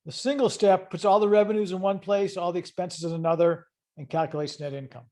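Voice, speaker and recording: A man's voice: high-pitched, steady tone, brisk, mellow. Conversational man teaching accounting online. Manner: explanatory, conversational, asks students questions. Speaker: accounting instructor. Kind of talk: online lecture.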